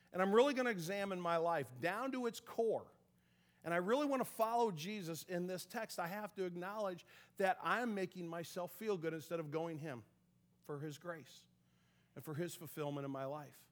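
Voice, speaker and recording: High-voiced man preaching a casual sermon. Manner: conversational, self-deprecating humor with restarts. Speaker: pastor.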